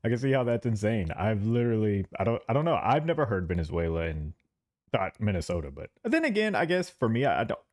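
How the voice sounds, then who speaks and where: A man's voice: fairly low pitch, fast. A man from south Texas hosting a casual chat, reacting with disbelief and restarting his sentences. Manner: expressive, incredulous reactions with restarts. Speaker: host.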